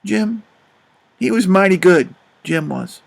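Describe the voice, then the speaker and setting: A man narrating an audiobook of a classic novel in a soft, measured storytelling manner. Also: high voice, animated, vocal fry.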